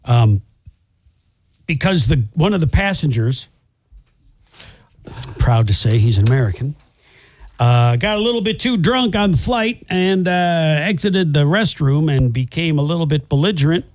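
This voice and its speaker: A male radio co-host retelling a news story in casual chat, animated and indignant. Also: a little high, unhurried, pauses often, dry recording, clean studio sound.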